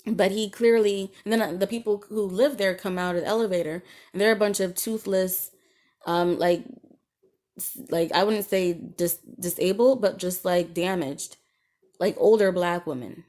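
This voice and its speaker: A woman's voice: mid-range voice, normal speed, a little mellow. Indignant woman ranting on her podcast. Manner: indignant, rambling rant with frequent ums and swearing. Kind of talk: casual solo podcast monologue.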